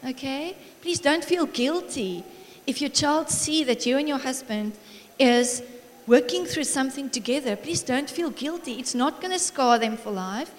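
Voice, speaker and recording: A middle-aged woman preaching a sermon in a church hall, warm and encouraging, telling family stories with frequent laughter. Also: high-pitched, moderate pace. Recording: long reverb of a large hall.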